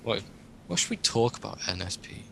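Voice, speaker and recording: A man's voice: fairly low pitch, sing-song, a little fast, creaky, pushed and bright, slight background noise. Rambling, jokey young man. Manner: rambling, jokey, laughs often. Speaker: podcast host. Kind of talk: casual chat.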